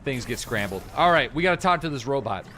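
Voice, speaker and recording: A man's voice: mid-range voice, animated, quick pace, noisy background. Rambling, jokey man streaming a game. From eastern Canada. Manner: rambling and jokey, with many fillers. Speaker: gaming streamer. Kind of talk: casual live-stream commentary.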